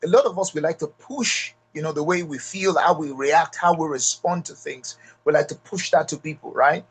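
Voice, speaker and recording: Husky Nigerian man giving motivational talk. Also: a little high, moderate pace. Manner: emphatic, repeats key lines, addresses audience directly. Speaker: leadership speaker.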